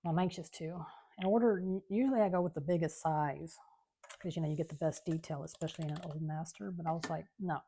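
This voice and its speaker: Woman host, low and gravelly, mellow tone, chatty craft vlog. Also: fast, slight background noise. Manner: chatty, rambling, soft-spoken. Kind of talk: casual chat while crafting. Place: home craft room.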